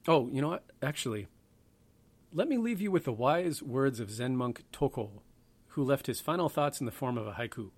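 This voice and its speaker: A man's voice: medium pitch, animated, normal speed, dry recording. A man hosting a history podcast, talking in a rambling, offhand way with self-deprecating asides. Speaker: podcast host. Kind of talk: casual history podcast talk.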